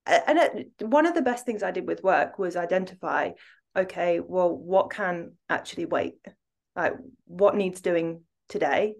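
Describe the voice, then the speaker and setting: Candid woman coach, lowish voice. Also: lively intonation, measured pace, gravelly, a little mellow. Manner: candid, laughs easily. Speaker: podcast co-host coach. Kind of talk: casual podcast chat.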